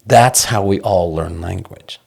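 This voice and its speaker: A man's voice: low-pitched, measured pace, gravelly, darkish tone. A middle-aged man, a guest songwriter, talking casually and animatedly in an interview, restarting sentences and swearing freely.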